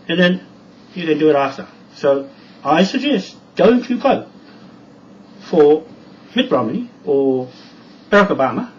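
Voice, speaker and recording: Man vlogger, lively higher pitch, emphatic and rambling, mic far off, dull lo-fi sound. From New Zealand. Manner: rambling, emphatic, repetitive warnings. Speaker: video blogger. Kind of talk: rambling address to camera. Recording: distant, dull lo-fi sound with faint background noise.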